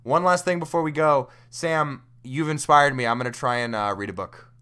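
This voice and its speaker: A man's voice: fairly high pitch, moderate pace, bright, forceful tone, clean tone. A man hosting a casual podcast, joking around, laughing often and plugging the show. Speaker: podcast host.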